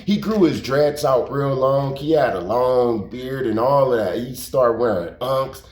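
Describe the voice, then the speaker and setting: A man's voice: mid-range voice, a little slow, a little mellow. A man telling a story in a casual, rambling way, repeating himself, using slang and cursing for emphasis. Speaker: YouTube storyteller. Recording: roomy echo.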